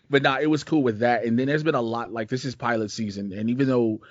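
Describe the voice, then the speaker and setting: A man's voice: mid-range voice, steady tone, brisk, no echo. A man from Chicago hosting a casual podcast, rambling in a laid-back, profane way with plenty of slang. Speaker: podcast host. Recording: dull lo-fi dry sound.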